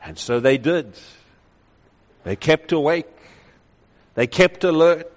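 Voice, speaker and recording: A man preaching a sermon, reading scripture aloud and slowing down to stress key phrases with emphasis. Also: on the high side, expressive. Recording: dull lo-fi sound with long hall reverb.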